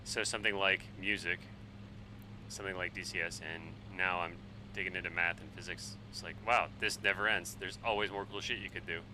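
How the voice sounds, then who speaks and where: A man in his forties, a bit tipsy on wine, rambling and swearing excitably while chatting on a flight sim live stream. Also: deep voice, a little fast, noisy background. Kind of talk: casual live-stream chat while flying.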